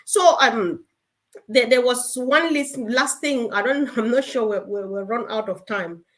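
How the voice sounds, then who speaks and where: Woman, meeting co-host, higher voice, animated and exhorting. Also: measured pace. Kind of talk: online group call.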